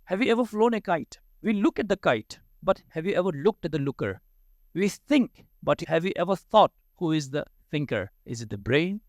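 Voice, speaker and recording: A middle-aged man from Ladakh speaks as a teacher, pitched a little above most men. He tells personal stories and asks rhetorical questions, mixing in Hindi phrases. The sound is dry and close. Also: lively intonation, normal speed, dry recording. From Ladakh, India. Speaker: Buddhist teacher giving a talk. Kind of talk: motivational talk with personal stories.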